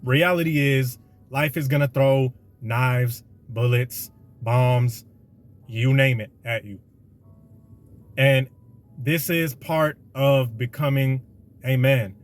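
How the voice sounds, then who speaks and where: A man's voice: mid-range voice, steady tone, takes it slowly, soft background music. A man hosting a podcast, delivering a slangy, conversational motivational monologue with a preachy edge. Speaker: podcast host.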